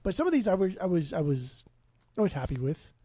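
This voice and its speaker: A man's voice: high voice, very animated, a little fast, dark tone, slightly rough, no room sound. A man co-hosting a casual music podcast, blunt and swearing freely, often restarting his sentences. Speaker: podcast co-host.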